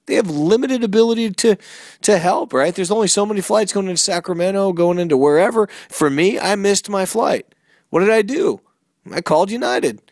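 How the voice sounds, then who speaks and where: Energetic middle-aged motivational speaker, man. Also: high-pitched, brisk, no echo, studio quality. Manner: energetic, storytelling, emphatic rhetorical questions. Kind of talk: motivational talk.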